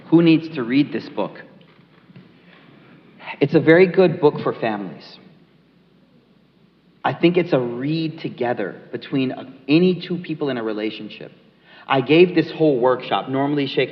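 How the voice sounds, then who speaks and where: A man's voice: mid-range voice, expressive, measured pace, long pauses. A man being interviewed as an author, speaking earnestly and emphatically and telling stories to a crowd in a large mosque hall. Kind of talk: conversational interview with storytelling. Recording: echoey hall, dull lo-fi sound.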